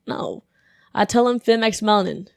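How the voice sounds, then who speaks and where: A young woman hosting a podcast and telling funny stories in a casual, animated way, laughing often and filling her talk with "like". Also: medium pitch, moderate pace, gravelly, clear, resonant tone, no room sound, clean studio sound. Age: young adult. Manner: animated, laughing, full of "like" fillers. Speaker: podcast host.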